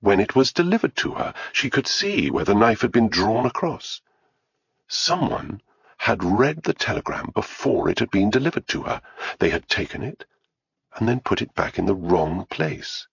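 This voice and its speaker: A man narrating an audiobook in a measured, unhurried way. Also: lowish voice, very animated, gravelly, breathy edge, highs cut off.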